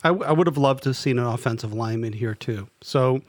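Speaking fast in a mid-range voice, a man co-hosts a laid-back sports podcast. He sounds hesitant as he goes over picks, frequently starting his sentences again. The audio is clean studio sound with no room noise.

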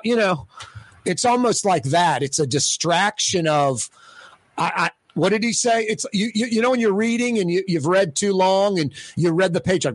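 A man talking on his radio show from a studio with a close microphone. His voice sits a bit high for a man, and the sound is dry with almost no room. He chats loosely and repeats himself in stammered restarts. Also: moderate pace, no echo. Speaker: radio talk show host. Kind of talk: casual radio talk with giveaways.

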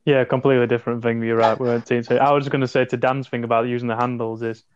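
A man's voice: medium pitch, flat delivery, rapid-fire, smooth, no room sound. A man co-hosting a casual film chat, talking animatedly and arguing his points emphatically. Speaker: podcast co-host. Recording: dull lo-fi dry sound.

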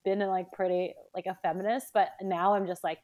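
A young woman on a podcast, pregnant and worn out, speaks briskly with a flat delivery and a somewhat dark, medium-pitched voice. She's a bit out of breath, chatting casually with many fillers and bursts of laughter.

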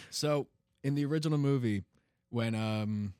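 A young man co-hosting a casual podcast chat, laughing often and shouting out movie-line impressions. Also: on the low side, brisk, dry recording, clean studio sound. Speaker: podcast co-host.

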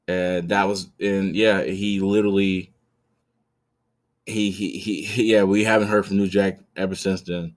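Low-voiced blunt, profane male podcaster. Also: flat delivery, unhurried. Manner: blunt, profane, rambling with restarts. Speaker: podcast host. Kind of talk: casual podcast storytelling.

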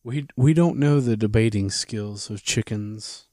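A man's voice: lowish voice, a little slow, mellow, no echo. A man co-hosting a podcast, adding dry quips to a casual chat about a movie and hesitating with fillers. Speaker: podcast co-host.

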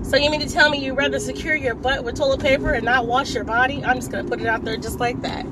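A woman giving a casual opinion monologue while driving, sassy and scolding, with frequent laughs. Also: high voice. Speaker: vlogger.

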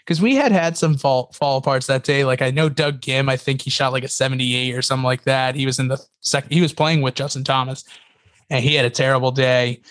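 A man's voice: medium pitch, fairly quick. A man co-hosting a casual podcast, telling stories animatedly with frequent laughs and fillers. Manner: animated storyteller, laughs often, many fillers. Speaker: podcast co-host. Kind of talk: casual chat.

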